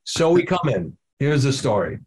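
A man's voice: medium pitch, big pitch swings, normal speed, darkish tone. An older man, a drummer being interviewed, telling a story with lots of acted-out quotes and casual swearing. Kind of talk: animated anecdote telling.

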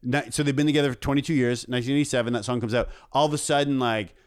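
Earnest rambling man with a smooth voice. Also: medium pitch, steady tone, dry recording, studio quality. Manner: rambling, earnest, halting with restarts. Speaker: comedian guest. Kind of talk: casual podcast chat.

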